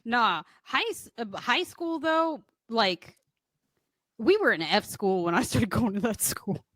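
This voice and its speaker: A woman's voice: fairly high pitch, animated, a little slow, a bit bright, no echo, studio quality. A young woman from Florida with a Southern accent, telling stories and laughing in casual podcast chat. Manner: laughing, storytelling, slangy. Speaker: podcast co-host.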